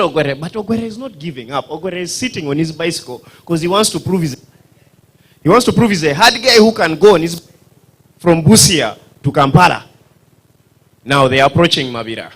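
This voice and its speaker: A Ugandan stand-up comedian spins a long comic story with a lively, swooping voice. He acts out characters and noises and throws quick questions to the crowd. His voice sits a little higher than most men's. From northern Uganda. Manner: animated, acts out voices and sound effects, quizzes the audience. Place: dinner event hall.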